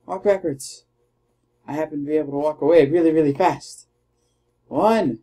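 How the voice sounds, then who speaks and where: Taunting high-voiced man gaming. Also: moderate pace. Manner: trash-talking, taunting, shouting battle cries. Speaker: gamer. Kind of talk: let's play commentary.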